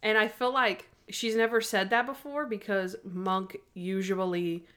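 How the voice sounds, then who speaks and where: A woman chatting as a podcast co-host, lively and quick, slipping into little acted quotes as she talks. Her pitch sits in an ordinary middle range, neither high nor low. It is relaxed, casual talk. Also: smooth. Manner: animated, quotes characters in quick bursts. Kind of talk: casual chat.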